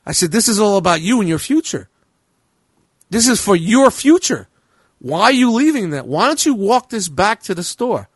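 Man from New Jersey, high lively voice, dry close sound, profane animated storyteller. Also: moderate pace, slightly rough, no echo. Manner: profane, animated, reenacts dialogue. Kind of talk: casual storytelling chat.

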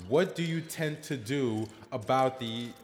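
A man's voice: mid-range voice, measured pace, a little hiss or hum. A man moderating a mock debate on a podcast, mock-formal and laughing. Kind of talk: casual comedic chat. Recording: echoey room with long reverb.

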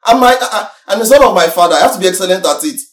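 A young man from Nigeria, preaching a sermon in an animated, exhorting way with sudden swings in pitch and loudness. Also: very fast. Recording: roomy echo, mic from far off.

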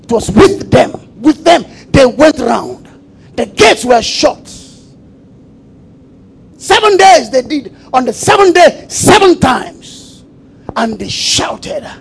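A man preaching a sermon, repeating phrases and calling for the congregation to answer, shifting between shouts and quiet asides. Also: very high-pitched, very animated, takes it slowly, vocal fry, breathy edge, poor audio. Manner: emphatic call-and-response preaching with repetition.

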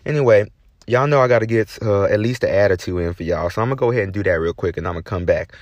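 A young man hosting his podcast, telling a story in a profane, sassy, animated rant. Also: on the low side, fast, no echo. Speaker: podcast host. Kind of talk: casual ranting monologue.

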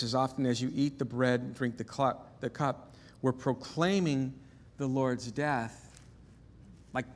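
A man in his fifties preaching a sermon, telling stories with lively energy, often repeating and restarting his words. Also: medium pitch. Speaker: pastor. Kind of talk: sermon with personal story. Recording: long reverb of a large hall.

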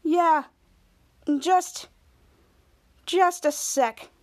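An excitable teen girl exclaims in a high, startled voice, as a woman acts her out. She sounds easily alarmed. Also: very slow, exaggerated voice.

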